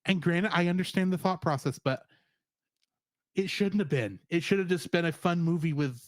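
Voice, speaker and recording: A man's voice: high voice, normal speed, no room sound, clean studio sound. A man co-hosting a podcast, chatting casually and animatedly, slipping into jokey put-on accents. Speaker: podcast co-host. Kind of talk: casual chat.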